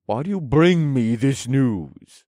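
A man's voice: medium pitch, expressive, slow, dark tone, no echo, voice pushed up. In this audiobook, a grumpy, pompous old duke, put on by a male narrator, drags out his words with a dismissive snap. The voice sits a little back from the mic, dry and close to the room. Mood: suspicious. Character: pompous, irritable older male duke, a noble.

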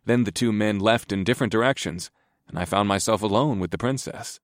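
A man narrating a first-person fantasy audiobook in a steady, even manner. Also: lowish voice, brisk, dry recording, studio quality.

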